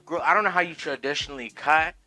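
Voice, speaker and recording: In a home cooking vlog, a man with a bright, forward, slightly high voice talks fast and sassily, swearing freely and calling his viewers "girl" and "honey." Faint music plays behind him in the kitchen, and the recording quality is low.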